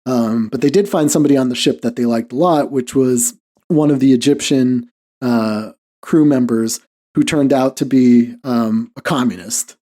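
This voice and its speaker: A man's voice: medium pitch, moderate pace, dark tone. A man hosting a podcast, telling a story in loose casual chat, full of "like" fillers and small chuckles. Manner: rambling, heavy on "like" fillers, chuckles often. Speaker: podcast host.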